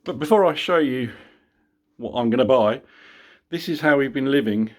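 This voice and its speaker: A man's voice: medium pitch, expressive, normal speed. A man in his fifties, hungover and chatting to camera at home, telling a self-mocking story and laughing at his own jokes. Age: 50s. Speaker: motorcycle vlogger. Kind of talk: casual chat to camera. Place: at home, indoors.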